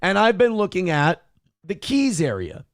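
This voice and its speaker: Crude, gravelly-voiced male show host. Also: sits high, wildly swooping pitch, normal speed, no room sound, clean studio sound. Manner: crude, profane, mocking. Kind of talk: casual opinionated chat.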